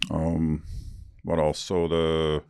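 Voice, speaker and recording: A very deep-voiced man hosts a solo podcast in a loose, rambling monologue. He talks candidly and laughs his way through his stories. The recording is close and dry, with no room sound. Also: monotone, drawn-out words, creaky, a little mellow, clear, resonant tone, no echo. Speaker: podcast host.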